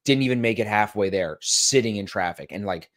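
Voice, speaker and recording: A young male co-host chats casually, plugging his stream and telling self-mocking stories with lively timing. His voice sits on the low side. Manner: animated storyteller, self-mocking, quick promo patter.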